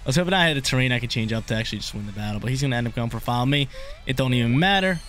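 A man's voice: mid-range voice, expressive, racing, fairly bright tone. A young man thinking aloud as he commentates his own game, casual and full of slang, often repeating his lines. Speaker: gaming YouTuber. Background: game music.

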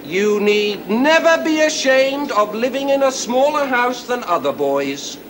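Prim preachy gentleman, high voice, swooping delivery. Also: very animated, unhurried, noisy background, heavily acted. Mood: pompous. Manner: preachy, fussy and pompous. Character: prim moralizing English gentleman lecturing boys. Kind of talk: 1970s TV sketch acting.

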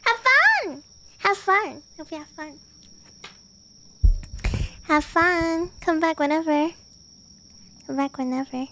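A young adult woman streaming a game, talking in a casual, playful and animated way and swearing freely. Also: high-pitched, slow, long pauses, a little hiss or hum.

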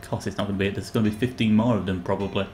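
A man's voice: fairly low pitch, fairly even intonation, very fast, darkish tone, a little hiss or hum. A young man commentating his own game live, sarcastic and swearing, yelping when startled. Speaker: gamer playing live.

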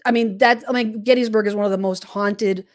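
A woman's voice: medium pitch, steady tone, fairly quick. A woman co-hosting a podcast, telling a story in a rambling, meandering way, often restarting her sentences. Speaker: podcast co-host. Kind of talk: casual storytelling chat.

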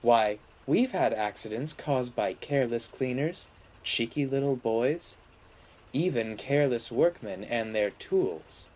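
A man's voice: mid-range voice, lively intonation, measured pace, darkish tone. A man voicing a kind female diesel engine who speaks in a soothing, sympathetic way.

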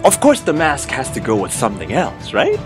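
A man hosting an excited unboxing vlog, gushing and exclaiming, repeating his thanks again and again. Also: medium pitch, a little fast, music in the background. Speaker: unboxing host.

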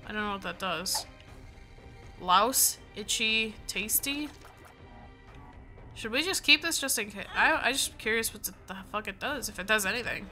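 A woman's voice: medium pitch, expressive, moderate pace, pauses often, pushed and bright, soft background music. Sleepy woman rambling over gameplay. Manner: rambling, thinks aloud, reads item names. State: sleepy, yawning. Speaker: gaming let's play host. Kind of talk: casual gameplay commentary.

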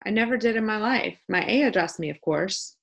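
A woman's voice: lowish voice, brisk, vocal fry. A woman voicing an imperious, disdainful spoiled little girl in an audiobook. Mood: haughty. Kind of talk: audiobook character voice.

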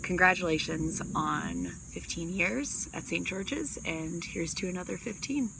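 A young woman giving a slow, soft-spoken video greeting. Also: on the low side, vocal fry, noisy background. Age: young adult.

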